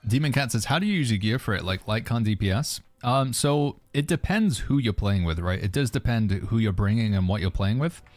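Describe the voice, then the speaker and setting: Talking briskly with few pauses, a man with a fairly low voice and lively intonation streams a game and fields viewer questions in casual commentary. The recording is dry, though faint music plays in the background.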